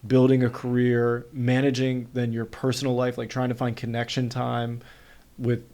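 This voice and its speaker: A man in his thirties from North Carolina, a podcast guest telling a story in casual conversation, quick and animated, with lots of "like" fillers. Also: mid-range voice.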